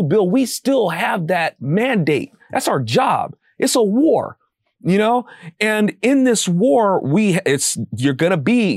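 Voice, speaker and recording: A man speaking about faith with a lively, swinging pitch and a slightly high voice. His delivery is casual and preacher-like, dropping into slang. The sound is close and dry. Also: no room sound.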